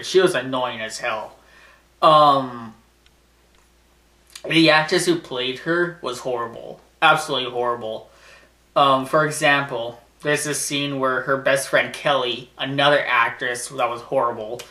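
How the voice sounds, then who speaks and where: A young man giving a casual movie review, animated and laughing often, swearing freely. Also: mid-range voice, roomy sound.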